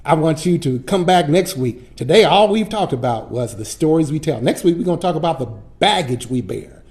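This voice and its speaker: A middle-aged man, a pastor teaching Sunday school, telling folksy stories in a lively preaching style. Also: a little high, fairly quick. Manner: animated, folksy preacher who acts out his stories. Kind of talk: storytelling sermon-style lesson.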